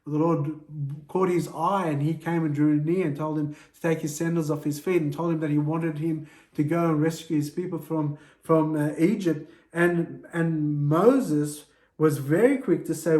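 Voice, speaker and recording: Male preacher, slightly high voice, earnest exhortation, echoey church room. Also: steady tone, moderate pace, darkish tone. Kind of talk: sermon.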